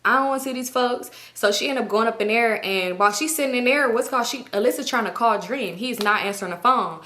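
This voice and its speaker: Fast-talking bright-voiced woman telling a story. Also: on the high side. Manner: chatty and animated, speaks straight to viewers; acts out friends' lines in shifting voices. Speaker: storytime YouTuber. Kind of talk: casual storytime chat.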